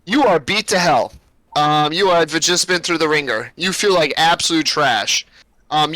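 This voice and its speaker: Bright-voiced man running a tabletop game. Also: high-pitched, dry recording, rough recording. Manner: casual, rambling, with many fillers and laughs. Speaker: game master.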